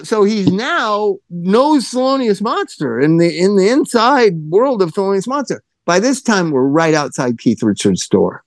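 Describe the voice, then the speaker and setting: A middle-aged man co-hosting a podcast, telling a long story in casual chat and acting out the quotes in a lowered voice. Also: big pitch swings, a little slow, hardly any pauses, dry recording. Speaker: podcast co-host.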